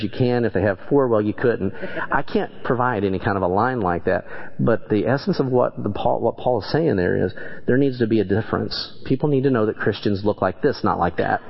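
A man's voice: mid-range voice, creaky. A man preaching a sermon in a small church, telling his own story in an earnest, plainspoken way. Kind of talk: sermon with congregation questions. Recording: dull lo-fi church recording.

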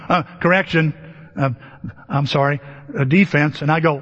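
A man with a fairly high, husky voice preaches a lively sermon, acting out the people in his story and firing questions at the congregation. The audio is dull and lo-fi, with long reverb from a large hall. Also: a little fast. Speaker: pastor. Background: laughter from the congregation.

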